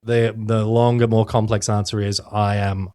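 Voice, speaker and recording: A man's voice: lowish voice, level tone, moderate pace, warm tone, smooth, dry recording, studio quality. A young man co-hosting a podcast, chatting casually with lots of laughter and swearing. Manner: laughs a lot, swears freely, jokey storytelling. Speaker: podcast co-host. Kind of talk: casual chat.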